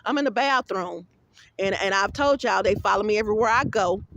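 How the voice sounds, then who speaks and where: A woman's voice: mid-range voice, fairly quick, vocal fry, highs cut off, noisy background. A woman giving a rambling casual vlog monologue. She tells her stories bluntly and profanely, with plenty of animation. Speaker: vlogger.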